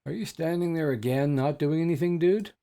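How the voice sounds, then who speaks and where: A man's voice: fairly high pitch, brisk, gravelly, mellow. Chatty man rambling over gameplay. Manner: rambling, chatty, many fillers and asides. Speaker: game streamer. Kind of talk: casual gameplay commentary.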